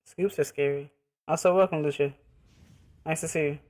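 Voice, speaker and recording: A man's voice: on the high side, fairly even intonation, moderate pace, darkish tone. A man streaming a game, chatting with his viewers in an easygoing, rambling way. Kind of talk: casual live-stream chat while gaming.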